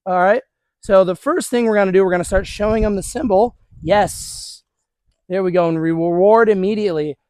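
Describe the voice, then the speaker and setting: High-voiced man giving casual dog training tips. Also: moderate pace, darkish tone, clean tone, no echo. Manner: casual and encouraging, talking to viewers while working a dog. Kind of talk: hands-on training demonstration. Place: outdoors on a training property.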